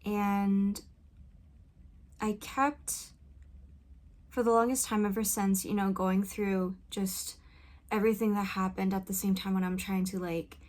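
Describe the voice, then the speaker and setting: A woman's voice: medium pitch, fairly even intonation, measured pace, pauses often, a little mellow. A woman musician talking reflectively in a personal vlog, hesitant and searching for her words, recorded on a studio mic in a home vocal booth. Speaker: musician and video creator. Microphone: studio condenser mic with pop filter.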